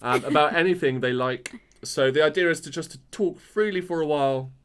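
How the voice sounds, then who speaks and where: A man's voice: on the high side, fairly quick, crowd noise. A young man co-hosting a podcast, easygoing and rambling in casual chat. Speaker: podcast co-host.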